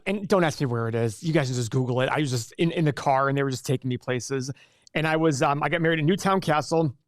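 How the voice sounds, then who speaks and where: Speaking in a fairly high pitch, this forties-aged livestream host keeps things casual, rambling and reading out comments from his chat. The sound is clean and studio-like, with no echo.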